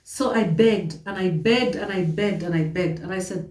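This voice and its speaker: A woman telling her own life story to her viewers, animated, emphatic and often repeating herself. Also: mid-range voice, measured pace, far from the mic. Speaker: vlogger. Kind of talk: personal storytelling to camera. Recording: roomy echo, voice set back from the mic.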